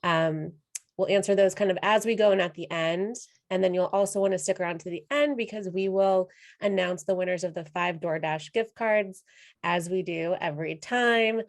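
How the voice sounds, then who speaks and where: A woman on a marketing team, emceeing and reading housekeeping announcements at the start of a webinar in a friendly, brisk way. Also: lowish voice, vocal fry.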